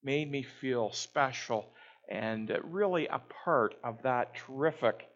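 A man telling a personal story in a reflective talk, unhurried and pausing often with "uh". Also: medium pitch, a bit bright, muffled recording. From Canada. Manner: unhurried, with frequent "uh" pauses. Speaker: speaker.

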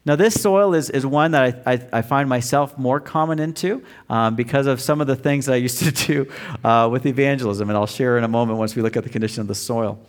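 A middle-aged man preaching a sermon, telling a personal story with acted-out quotes and emphatic shifts in pitch and volume. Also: a little fast. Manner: storytelling, acts out quotes loudly. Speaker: pastor.

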